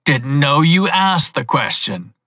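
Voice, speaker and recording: Grudging stableman voiced by a man: slow, sullen, dry close read. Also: a little high, animated, creaky, bright, forceful tone, no room sound, exaggerated voice. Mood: surly. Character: surly, grudging male stableman, slow-spoken.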